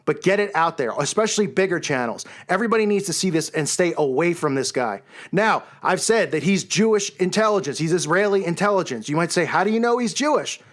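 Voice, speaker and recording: A man hosting his own channel, delivering an angry, scornful rant, yelling and raising his voice. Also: fairly high pitch, animated, brisk. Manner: yells and raises his voice, scornful. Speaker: channel host.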